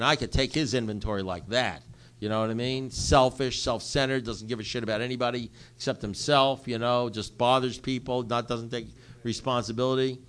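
An older man telling a personal recovery story to a group, speaking bluntly and conversationally and repeating phrases for emphasis. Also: medium pitch.

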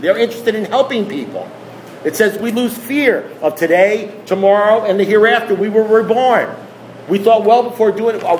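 High-voiced man preaching recovery. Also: a little hiss or hum, rough recording. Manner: emphatic, repetitive, full of rhetorical questions. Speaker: speaker at a recovery meeting. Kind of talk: impassioned talk to a group.

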